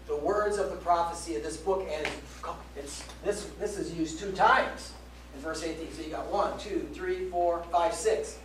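A man delivers a sermon with a high, lifted voice, pausing to ask "okay?" and drawing out the words he wants to land. He sounds set back from the microphone in a reverberant room, with a faint ambient hum behind him. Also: fairly bright tone. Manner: emphatic, frequent "okay?" check-ins, slows down to stress key words. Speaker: preacher. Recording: roomy echo, voice from a distance, faint background ambience.

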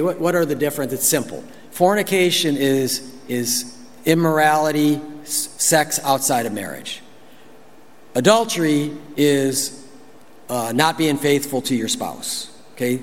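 A man's voice: medium pitch, big-room sound. A man preaching a conversational sermon as pastor, folksy and full of asides and personal stories. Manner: folksy, storytelling, many asides.

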